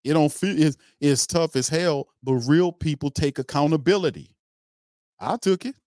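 Heated fan commentary comes from the host of a sports livestream, who rants in a blunt, mocking style full of slang and curse words. He speaks at a moderate pace in a slightly high, somewhat mellow voice. The recording is dry, with clean studio sound.

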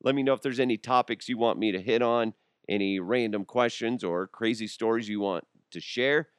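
A man's voice: mid-range voice, moderate pace, clear, resonant tone, no echo, clean studio sound. A man in his thirties hosting a casual solo podcast, rambling and joking with restarts, his voice worn from being sick. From Colorado. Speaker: podcast host.

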